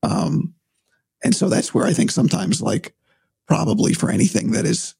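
A man talks casually, his voice gravelly and strained with heavy fry. He sits high in his range yet sounds dark and mellow, and his pitch swings a lot as he thinks aloud. The sound is dry and close. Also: sing-song, normal speed, dry recording. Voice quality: gravelly, husky voice. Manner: thoughtful, rambling, restarts often. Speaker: broadcaster, podcast guest. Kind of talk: casual conversation.

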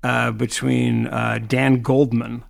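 A man's voice: medium pitch, flat delivery, takes it slowly, gravelly, crowd noise. A man hosting a casual podcast panel, telling stories with lots of fillers and restarts. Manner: rambling storyteller, many fillers. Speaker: podcast host.

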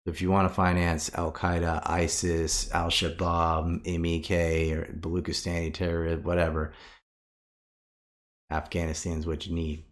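Deep-voiced man, animated and profane. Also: unhurried. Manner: animated, profane, rising to outraged bursts. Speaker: podcast guest. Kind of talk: casual conversation.

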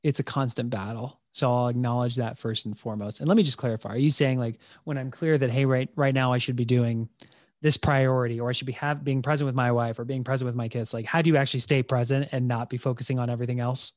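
A man in his thirties, a podcast guest, telling stories in an earnest, animated way. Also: medium pitch, quick pace, no room sound, clean studio sound. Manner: earnest, animated, acts out quotes. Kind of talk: conversational storytelling.

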